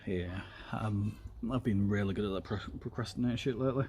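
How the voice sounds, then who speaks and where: Low-voiced man chatting through a craft. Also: brisk, darkish tone, a little hiss or hum. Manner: rambling, filler-heavy, talks while working with his hands. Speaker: streamer. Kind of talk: casual craft tutorial chat.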